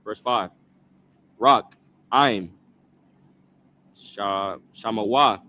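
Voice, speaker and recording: Male scripture reader, bright-toned, slow and halting, sounds out words piece by piece. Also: fairly low pitch. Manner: halting, sounding out words, repeating after a prompter. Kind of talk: reading scripture aloud syllable by syllable.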